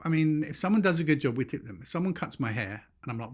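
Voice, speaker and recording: Fast-talking London man. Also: a little high, animated. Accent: London English. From England. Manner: dry, storytelling, mimics others in quoted voices. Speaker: podcast co-host. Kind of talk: casual chat.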